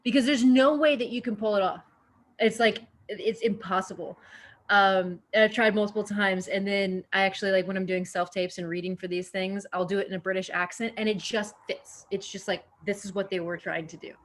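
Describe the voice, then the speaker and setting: A woman from Indiana who works as an actor, answering interview questions in a relaxed, rambling way full of fillers. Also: mid-range voice, a little fast. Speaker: actor, podcast guest.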